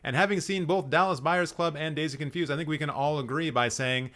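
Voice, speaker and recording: A man's voice: on the high side, fairly quick, hardly any pauses, a bit bright. A man hosting a casual live stream, playfully roasting people and laughing at his own jokes while he rambles and corrects himself. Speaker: host.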